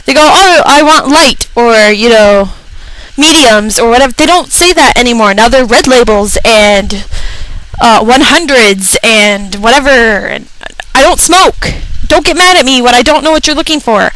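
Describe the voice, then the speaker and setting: A young woman on a talk segment, venting in an exasperated, foul-mouthed comic rant. Her voice sits fairly high, and she slips into the voices of the customers and coworkers she complains about. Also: moderate pace, a bit bright, low-quality recording. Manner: exasperated, profane, acts out customers. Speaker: radio show personality. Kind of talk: comedic rant.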